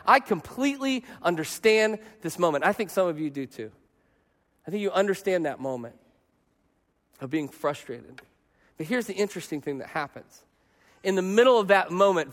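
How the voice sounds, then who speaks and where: High-voiced pastor preaching in a hall. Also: male voice. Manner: storytelling with acted-out voices and swings in loudness. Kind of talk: sermon. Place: church.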